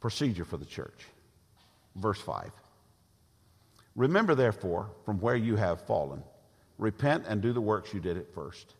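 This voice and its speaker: A husky-voiced man preaching with a lively, swinging delivery. He hammers his points home by repeating phrases, and his voice rings out with a long echo through a church hall. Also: on the low side, normal speed, pauses often. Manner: emphatic, repeats phrases for effect. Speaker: pastor. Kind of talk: sermon. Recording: long reverb of a large hall.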